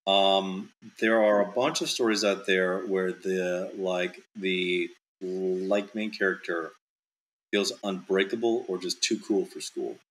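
Man, very low pitch, bright forceful tone, casual author interview, rambling, filler-heavy. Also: fairly even intonation, slow, a little hiss or hum, poor audio. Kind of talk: casual chat.

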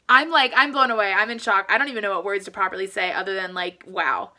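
Bright-voiced, gushing woman vlogger. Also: medium pitch, fast talker, hardly any pauses. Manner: gushing, excitable, peppered with "like". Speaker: cheer reaction vlogger. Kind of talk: casual video reaction.

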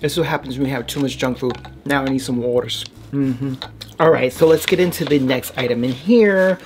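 Deep-voiced American woman vlogger, casual mouth-full snack chat, noisy crinkly recording. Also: fairly quick. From United States. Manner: chatty, talks while chewing, lots of mm sounds.

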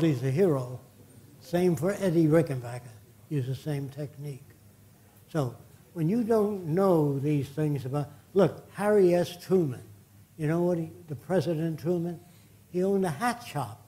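An older man delivering a lecture in a blunt, indignant manner, peppering his points with profane asides. His voice sits a little high for a man, with a dark, mellow tone. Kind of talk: public lecture with audience Q&A.

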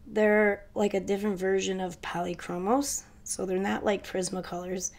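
A woman with a stuffy cold voice, chatting quickly and casually to her viewers in a crafting haul video. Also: mid-range voice, little pitch movement, a little mellow. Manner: chatty, hurried, addresses viewers directly. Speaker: crafting vlogger.

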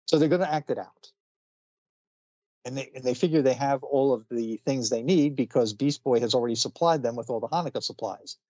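A man's voice: mid-range voice, fairly quick, dark tone, dry recording, muffled recording. A man casually retelling a comic book story on a podcast, chatty, with many fillers and frequent laughs. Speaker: podcast co-host.

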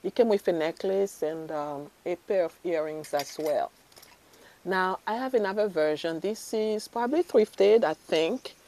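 Here a female fashion vlogger gushes her way through a bangle try-on haul in a warm, lowish voice that moves a little slowly. Her chatty delivery is packed with fillers, restarts, and corrections of herself.

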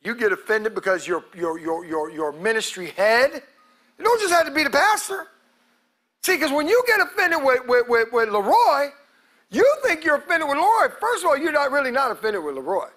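A male pastor preaching a sermon to his congregation, calling out to them and acting out quotes, breaking into loud shouts at the peaks. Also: very high voice, big pitch swings, moderate pace. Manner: preaching with call-outs to the congregation, acts out quotes. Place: church sanctuary.

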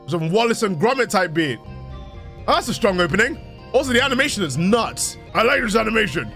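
A young man commentating a horror game playthrough, reacting excitably and reading the on-screen text aloud. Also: sits high, brisk, creaky, soft background music. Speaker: gaming youtuber.

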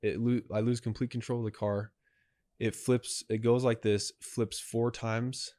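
A young man co-hosting a podcast, telling a story in a casual, animated way and acting out what people said. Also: medium pitch, a little slow, no echo. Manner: animated, acts out dialogue. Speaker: podcast co-host.

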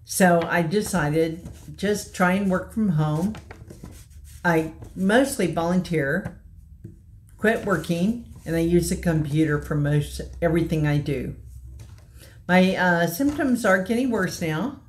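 A woman in her sixties from Kansas City, giving a slow, halting personal testimony in a slightly shaky voice. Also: fairly low pitch, a little hiss or hum. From Kansas City, USA. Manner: slow, halting, earnest delivery with pauses. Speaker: patient telling her own story.

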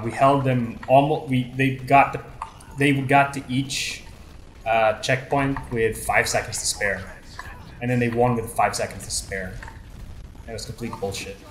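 A man playing a video game with a friend, excitable and swearing, with sudden loud yelps and laughs. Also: mid-range voice. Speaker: gamer co-host. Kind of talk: casual let's-play chat. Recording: roomy echo with faint noise.

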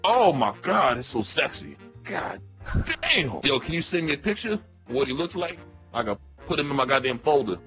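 Faint music sits behind a slightly high male voice moving at a moderate pace. It's a comedic trolling bit: he's a prank caller in voice chat, a crude and pushy young troll full of cheeky, slangy teasing and badgering, delivered in a brash, lively sing-song.

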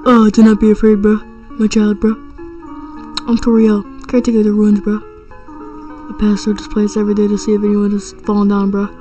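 Kind motherly guardian, read by a woman with slang jokes, medium pitch. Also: monotone, brisk, long pauses, dark tone, faint music behind, natural voice. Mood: gentle. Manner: reads game text aloud, tags slang onto lines. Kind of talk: reading game dialogue aloud.

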